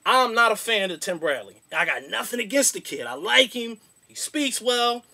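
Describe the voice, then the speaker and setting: A man's voice: high voice, very animated, moderate pace, sharp tone. A young man hosting a boxing show, giving a casual, slangy, rambling rant.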